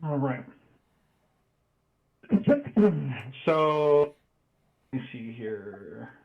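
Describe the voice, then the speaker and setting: A man's voice: medium pitch, very animated, very slow, muffled recording. A man playing a tabletop game online, talking in a hesitant, apologetic way. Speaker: player. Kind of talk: casual tabletop game chat.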